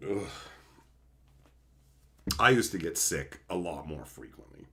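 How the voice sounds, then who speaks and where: A man from Canada hosting a livestream, ranting at viewers with heavy swearing, sarcasm and shouted outbursts. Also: sits low, animated, slow. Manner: mocking, sarcastic. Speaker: livestream host.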